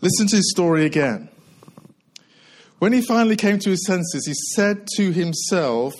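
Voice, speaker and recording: A middle-aged man delivers a sermon from the pulpit with a rather high voice. He is slightly out of breath and keeps circling back to the same lines, stretching them slowly for weight. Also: expressive, rough recording. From United Kingdom. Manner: earnest preaching with repetition and slow emphatic phrases. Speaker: pastor.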